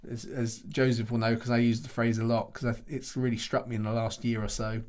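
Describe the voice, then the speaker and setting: This middle-aged pastor and Bible teacher gives a conversational answer in a post-teaching Q&A, pausing thoughtfully, repeating words, restarting frequently, and chuckling a lot. He speaks at a medium pitch with a level, slightly mellow tone.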